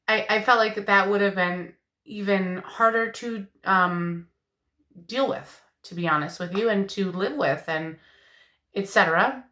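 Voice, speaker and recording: A woman in her thirties giving a candid personal vlog update, talking in a halting way with many fillers and sounding emotional. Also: mid-range voice, a bit bright, echoey room. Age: 30s. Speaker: vlogger.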